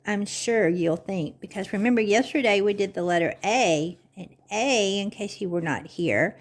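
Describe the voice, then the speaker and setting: A woman hosting a children's story time, speaking gently and encouragingly to young listeners like a teacher. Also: mid-range voice, lively intonation, moderate pace, hardly any pauses.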